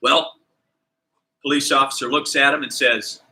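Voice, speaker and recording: Spinning an animated story for the kids in his PE class, a coach throws himself into it, giving each character its own voice. He speaks at a moderate pace in a fairly high voice, captured on a rough recording.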